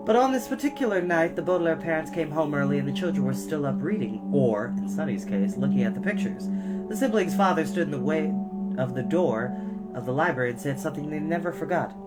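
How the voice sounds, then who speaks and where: A man's voice: fairly high pitch, lively intonation, fairly quick, over loud music. A man reading a children's novel aloud as a storyteller, adding asides to his listeners.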